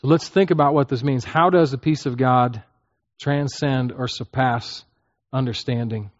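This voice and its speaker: In this echo-free, dull-sounding recording, a man with a medium-pitched voice preaches at a measured pace. His sermon feels like a conversation, with frequent "okay?" check-ins and prayers he acts out.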